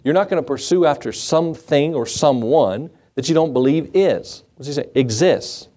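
A man's voice: fairly high pitch, expressive, normal speed, warm tone. A man preaching a sermon, folksy and full of questions to his congregation. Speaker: pastor.

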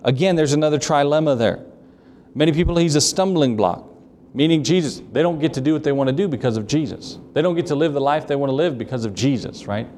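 A man's voice: on the high side, animated, fairly quick, a little mellow. A man preaching a sermon in a church, reading scripture aloud and hammering his points with emphatic repetition. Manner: emphatic, repeats key phrases, reads scripture in old English.

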